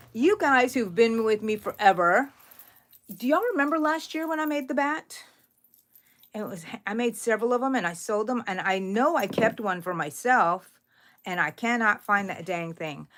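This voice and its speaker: A middle-aged woman hosting a live crochet stream, chatting with viewers and counting her stitches aloud softly. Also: mid-range voice. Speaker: crochet channel host.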